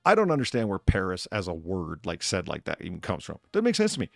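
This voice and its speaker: A man hosting a casual chat stream, talking in an animated way and swearing freely, with faint music behind him. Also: low-pitched, fast talker, gravelly, no echo, studio quality. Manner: animated, swearing, laughs at own jokes. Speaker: streamer host, bartender of the show.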